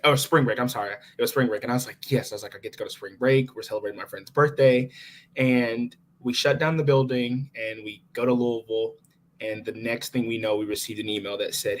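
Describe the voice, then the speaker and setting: A young adult man, a recent college graduate, talking as a guest in a casual conversation and telling his story with animated frustration. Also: medium pitch, a little hiss or hum.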